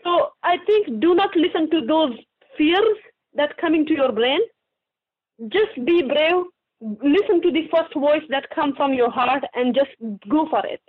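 High-voiced woman on a phone line. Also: a little slow. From Pakistan. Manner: earnest, heartfelt, with frequent restarts. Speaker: guest author. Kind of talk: interview answers over a remote line.

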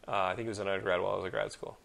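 A man in his thirties hosting a podcast, telling animated stories, ranting and swearing freely. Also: low-pitched, rapid-fire, gravelly. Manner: animated storyteller, swears freely, rants loudly. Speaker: podcast host. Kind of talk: casual chat.

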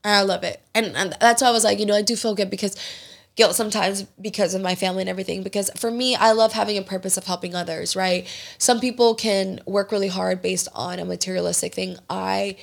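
Woman, young adult, podcast host, casual chat, animated, swears freely, mid pitch. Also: fast talker, vocal fry. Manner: animated storytelling, acts out quoted people.

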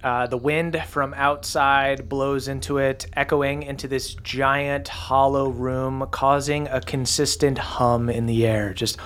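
Brief: game master describing a dungeon, easygoing, average pitch, casual pauses. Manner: descriptive, relaxed narration with fillers. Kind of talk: narrating a tabletop game.

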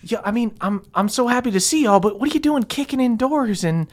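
A man's voice: very high-pitched, animated, fairly quick, voice pushed up. A man voicing a flustered, homey hobbit mother in a tabletop role-play, fussy and folksy.

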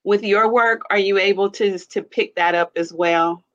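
A woman hosting an interview, asking questions haltingly and searching for the right words. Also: medium pitch, steady tone. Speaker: interview host. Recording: dull lo-fi sound.

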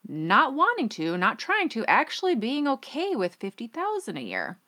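A woman hosting her own business podcast, telling a personal story in a chatty, animated way and acting out the quotes. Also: a little high, moderate pace. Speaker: podcast host.

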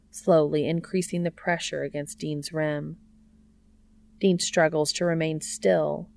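Slow, low-voiced woman narrator. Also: vocal fry, a little mellow, slight background noise. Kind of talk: narrating fan fiction aloud.

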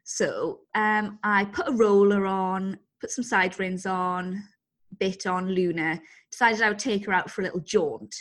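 A woman's voice: mid-range voice, a little slow. A woman co-hosting a podcast in casual chat, telling stories with lots of laughter. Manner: laughs often, animated storytelling. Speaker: podcast co-host.

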